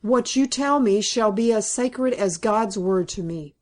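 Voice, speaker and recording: A woman's voice: medium pitch, measured pace, close to an everyday voice. A woman reading aloud, voicing a fearful young woman urgently pleading with her father. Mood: anguished pleading.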